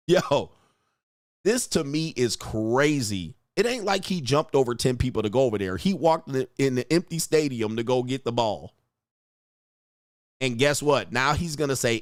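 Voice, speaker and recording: A man's voice: mid-range voice, normal speed, no echo, studio quality. A man giving blunt, profane commentary on a video clip, acting out what people say. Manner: blunt, profane, animated, acts out people's lines. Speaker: commentator reacting to a viral video. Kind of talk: casual reaction commentary.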